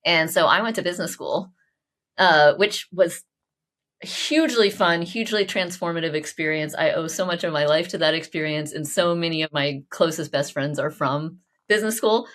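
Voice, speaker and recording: A woman in her forties from Oklahoma, hosting a podcast in an effusive, animated, chatty way with frequent laughter. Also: low voice, normal speed. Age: 40s. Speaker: podcast host. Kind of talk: casual interview chat.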